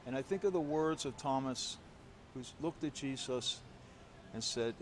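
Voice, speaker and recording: A man's voice: medium pitch, unhurried, slight background noise. Man giving a conversational homily. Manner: self-deprecating storyteller, conversational with frequent restarts. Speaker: priest. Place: church.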